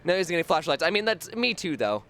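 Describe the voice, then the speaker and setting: A high-voiced man rambles through a livestream of a horror game, cracking jokes and swearing freely. His bright, sharp voice swings wildly up and down as he talks, over a faint hiss. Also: very animated, fast. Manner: rambling, jokey, swears freely, breaks into chanting. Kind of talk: casual gameplay commentary.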